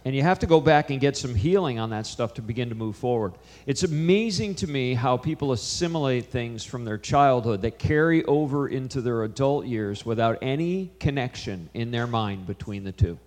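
A man's voice: mid-range voice, darkish tone. Middle-aged man, casual co-host telling a family anecdote. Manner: chatty, anecdotal. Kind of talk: casual conversational talk.

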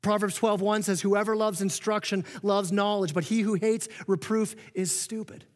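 A man preaching a sermon as pastor, earnest and animated, often restarting his sentences and acting out quoted remarks. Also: sits high, moderate pace. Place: church auditorium. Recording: long reverb of a church hall.

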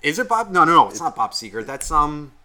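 Podcast co-host, man, bright animated delivery, profane and rambling. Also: a little high, a little fast. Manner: animated, heavy swearing, rambling storytelling. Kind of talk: casual profane chat.

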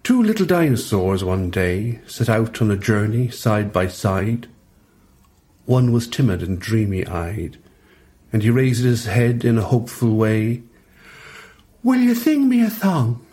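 A man's voice: fairly low pitch, expressive, unhurried, dark tone. A man with an Irish accent, a poet and priest, reading his comic verse with a playful, rhythmic delivery. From Ireland.

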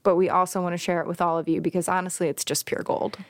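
A woman's voice: on the low side, flat delivery, quick pace, no room sound. Giggly young woman chatting, dry close mic. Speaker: podcast co-host. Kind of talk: casual chat.

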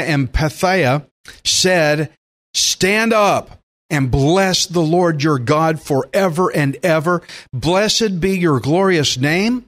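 A male pastor delivering a sermon in a somewhat high voice. He preaches with animated energy and sudden loud bursts of emphasis, and acts out imagined prayers and objections in quoted voices.

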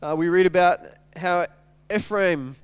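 A pastor with a high-sitting, smooth voice preaches at a measured pace, with no echo on the recording. He retells scripture animatedly in casual everyday language, stumbling and repeating words often.

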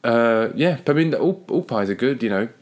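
A young man co-hosting a casual podcast chat, jokey and quick to get defensive, laughing often. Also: medium pitch, lively intonation. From Britain. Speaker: podcast co-host.

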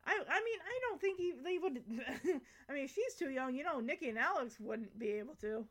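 High-voiced, chatty young woman vlogger. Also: animated, moderate pace, fairly bright tone. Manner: chatty, rambling, giggly asides. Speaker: vlogger recapping a sitcom episode. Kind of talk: casual recap chat.

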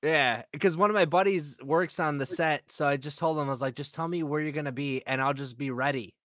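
A man's voice: a little high, a little fast, no echo, clean studio sound. A man chatting as a podcast guest, telling stories and acting out what people said. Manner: animated storyteller who acts out quoted lines. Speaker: podcast guest, comic creator. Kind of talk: casual chat.

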